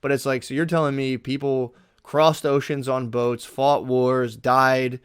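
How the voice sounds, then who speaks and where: A man's voice: medium pitch, level tone, a little slow, smooth, no echo, studio quality. A man talking as a podcast guest, blunt and emphatic, swearing freely as he gives a pep talk. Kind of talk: casual chat.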